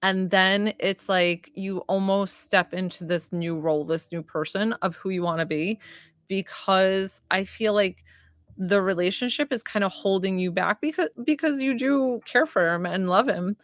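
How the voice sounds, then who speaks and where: A woman's voice: medium pitch, normal speed, no echo, studio quality. A woman giving live-stream psychic readings, chatty and giggly, full of likes and ums. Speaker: psychic reader.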